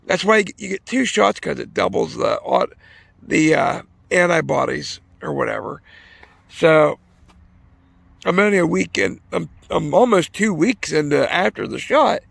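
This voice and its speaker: A man's voice: fairly high pitch, animated, measured pace, gravelly, fairly bright tone, dry recording. A man telling a rambling, profane story in a casual vlog while fishing outdoors by a pond. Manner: rambling, profane, self-correcting. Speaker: vlogger.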